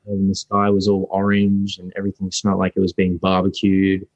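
A young Australian man, a guest actor, chatting casually in an interview, halting and restarting often. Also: deep voice, completely flat delivery, a little mellow, no room sound, lo-fi sound. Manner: halting, full of restarts and fillers.

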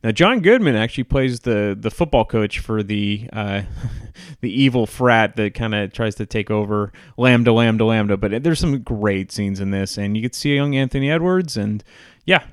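A man hosting a casual countdown of comedy movies, chatty and relaxed, with frequent fillers. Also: fairly low pitch, moderate pace, dry recording, studio quality. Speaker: host.

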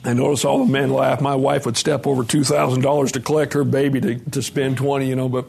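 A man's voice: medium pitch, flat delivery, quick pace, gravelly, a little mellow. A middle-aged man from Montana giving a candid personal testimony at a recovery conference, blunt and profane, acting out the dialogue as he tells it. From Montana, USA.

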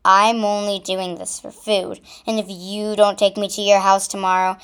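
A woman's voice: medium pitch, level tone, normal speed, a bit bright, smooth, natural voice. A woman voicing a scheming, hungry male crow in a read-aloud storybook, talking slyly and bossily. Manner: sly, bossy.

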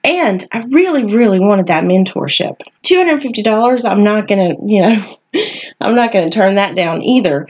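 A woman's voice: medium pitch, expressive, normal speed, darkish tone, breathy edge, highs cut off. A woman hosting her own podcast, sounding tired and groggy, talking frankly in a chatty way with frequent light laughs. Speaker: podcast host. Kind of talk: casual solo podcast talk.

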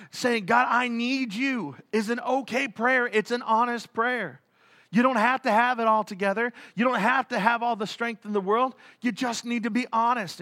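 A male pastor preaching a conversational sermon in an animated way, with frequent restarts. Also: sits high.

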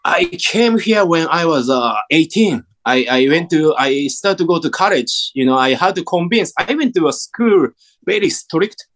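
Japanese-accented male guest, forties, expressive storyteller with a wide pitch swing. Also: moderate pace. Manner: animated storyteller, acts out quoted voices, many fillers. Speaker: actor guest. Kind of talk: casual interview chat.

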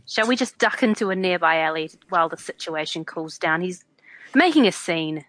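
A woman's voice: lowish voice, lively intonation, moderate pace, fairly bright tone, no room sound, low-quality recording. A woman playing a character in a tabletop game, polite and firm, often stammering as she starts a sentence. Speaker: player.

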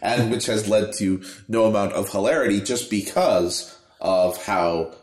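A man with a fairly low voice talks casually about his tabletop games, telling stories with frequent restarts. The sound has a roomy echo. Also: a little slow, darkish tone. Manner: storytelling, with restarts. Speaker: podcast co-host and tabletop player. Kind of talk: casual chat.

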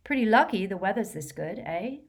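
A woman's voice: mid-range voice, animated, a little fast. A woman voicing a sly teenage boy wizard who talks in an offhand, blithe way.

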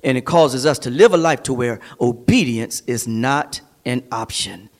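A man's voice: medium pitch, a little slow. A man preaching a sermon as a pastor, building emphasis through repeated phrases, in a church service streamed online. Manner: preaching with rising, emphatic repetition.

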